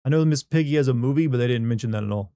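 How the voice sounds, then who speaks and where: A man's voice: mid-range voice, rapid-fire, dark tone, smooth, no echo, studio quality. A man hosting a livestream, chatting casually and wryly, rambling while he reads chat aloud. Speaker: livestream host. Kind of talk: casual post-stream chat.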